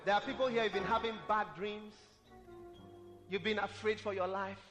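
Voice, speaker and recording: A man preaching with fervent, repetitive declarations that build to shouts. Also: high voice, fairly even intonation, moderate pace, long reverb tail, music in the background. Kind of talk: sermon.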